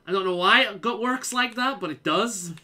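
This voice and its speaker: Bright, sweary young man with faint Scouse. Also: sits high, normal speed. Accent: mild Scouse with some American twang. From Liverpool, England. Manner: rambling, sweary, self-mocking. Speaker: gaming video creator. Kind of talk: casual talk while playing a game.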